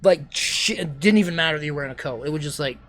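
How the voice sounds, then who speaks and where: Rambling man with a higher voice. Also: fairly bright tone. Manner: rambling, self-deprecating, quick to exclaim. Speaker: streamer. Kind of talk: casual commentary over old travel videos.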